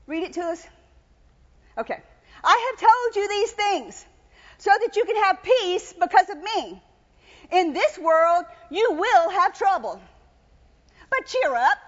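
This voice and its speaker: A woman preaching a sermon in an emphatic, repetitive style, building to loud cries. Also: very high voice, big pitch swings, slow, pauses often, big-room sound, lo-fi sound.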